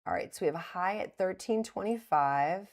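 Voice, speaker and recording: A woman's voice: lowish voice, moderate pace. A middle-aged woman livestreaming her day trades, thinking aloud and openly scolding herself over her mistakes. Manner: thinking aloud, self-critical, breaks into laughs. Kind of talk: live-streamed trading commentary.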